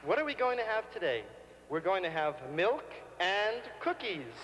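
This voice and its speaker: A man with a high voice performs live before an audience, coaxing them along with a childlike manner. His voice rings out with a long reverb in the hall. Audience noise is clearly heard behind him. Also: big pitch swings, normal speed. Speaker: comedian performing on stage. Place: large concert hall stage.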